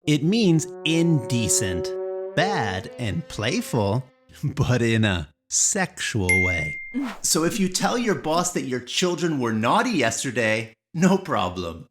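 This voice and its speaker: An English teacher explaining vocabulary carefully and clearly in an online lesson. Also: medium pitch, sing-song, slow pace, over music.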